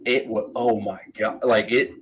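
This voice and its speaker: A man in his thirties chatting casually, telling animated stories, laughing often and mimicking voices. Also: lowish voice, measured pace, slightly rough, poor audio. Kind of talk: casual chat.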